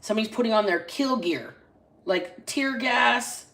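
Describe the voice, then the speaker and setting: A woman hosting a casual live-stream reading into a phone, chatty and salty, stretching out single words between quick asides. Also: fairly high pitch, fairly bright tone. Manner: chatty, drawls single words then talks fast. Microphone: phone camera.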